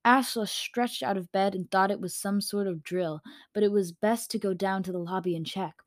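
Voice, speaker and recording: A woman reads a story aloud at an even middle pitch, casual and now and then stumbling on a word. The home microphone gives a close, dry sound with no room echo. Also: moderate pace. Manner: casual, with slips and corrections. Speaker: story reader. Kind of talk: reading her own story aloud.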